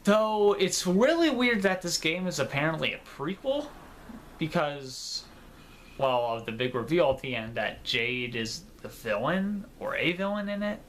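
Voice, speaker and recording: A man's voice: fairly high pitch, lively intonation, unhurried, a bit bright, slight background noise. A man giving casual commentary in a gaming vlog, rambling and informal with fillers and some swearing. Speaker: gaming video creator.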